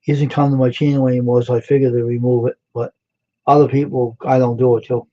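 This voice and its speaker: A man's voice: medium pitch, flat delivery, fast, mellow. A man hosting a casual live stream, chatting with viewers by name and asking them questions. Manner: chatty, greets and quizzes chat viewers by name. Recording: dull lo-fi sound.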